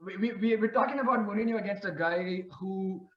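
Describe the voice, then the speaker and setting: Man, fairly high voice, fan podcast co-host, heard through a muffled, roomy connection. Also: brisk. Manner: animated, stammering restarts. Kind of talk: casual football chat.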